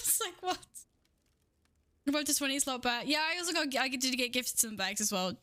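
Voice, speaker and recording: A young woman streaming live, chatting excitedly with her viewers, swearing and laughing often. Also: high-pitched, moderate pace, dry recording. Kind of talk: casual live-stream chat.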